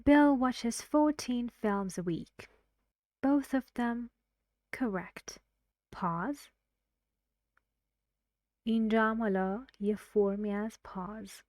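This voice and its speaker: A woman teaching English pronunciation in a recorded lesson. She explains patiently and repeats example sentences slowly. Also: mid-range voice, a little mellow, dry recording, studio quality. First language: Persian.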